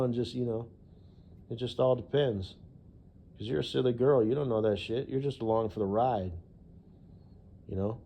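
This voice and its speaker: A man's voice: medium pitch, steady tone, moderate pace, vocal fry, pauses often, mellow. A man vlogging in a casual, rambling monologue, profane and full of "you know" fillers.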